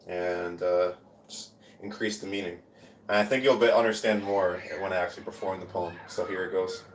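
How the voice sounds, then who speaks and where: A man's voice: sits low, steady tone, moderate pace, slight background noise. Spoken word poet, male: easygoing asides between rhythmic, repeated verses, recorded on a phone in an echoey room. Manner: casual rambling talk between chanted, repeated poem lines. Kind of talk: live-stream spoken word performance. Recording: roomy echo.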